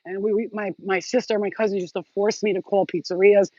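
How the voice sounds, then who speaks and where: A woman's voice: mid-range voice, fairly even intonation, fast talker, a little mellow, no echo, highs cut off. A woman hosting her own channel, telling rambling, profane stories in a casual vlog. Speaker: channel host.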